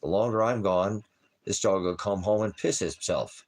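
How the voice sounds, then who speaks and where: A man with a deep voice and a moderate pace. He preaches for a small ministry and talks loosely, like on a livestream, drifting between ideas with jokes and pausing to talk to his dog.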